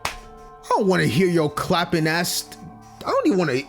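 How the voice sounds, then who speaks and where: Excitable young man with a lively voice. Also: sits high, moderate pace, creaky, faint music behind. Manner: excitable, slangy, laughs often. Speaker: let's play streamer. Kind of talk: game commentary, reading dialogue aloud.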